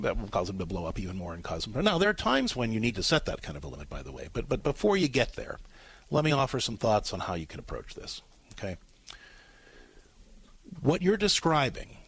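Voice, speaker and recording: A middle-aged man hosting a call-in advice show, coaching a caller in a calm, repetitive way. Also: fairly low pitch, slightly rough, no room sound. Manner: calm, coaching, repeats key points. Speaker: radio advice host.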